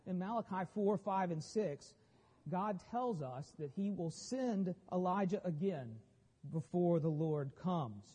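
A man's voice: sits high, warm tone, slightly rough, big-room sound. A man explaining a Bible passage in a conversational teaching style with wry asides.

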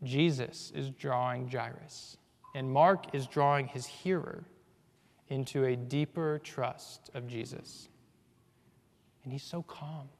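A man preaching a sermon, earnest, moving between hushed low passages and loud emphatic ones. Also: fairly even intonation, slow. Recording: long reverb of a large hall.

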